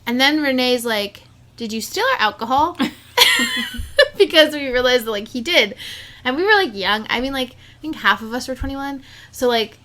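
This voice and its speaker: A woman's voice: high-pitched, moderate pace. A young woman co-hosting a podcast, telling a story in casual chat with lots of "like". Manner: animated, says "like" constantly. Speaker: podcast co-host.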